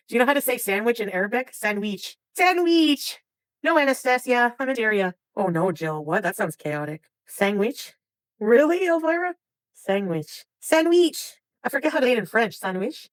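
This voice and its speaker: A woman's voice: mid-range voice, no echo, low-quality recording. A woman livestreaming, chatting casually with her viewers and often laughing. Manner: chatty, reacts to chat names, laughs often. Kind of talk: casual chat with live viewers.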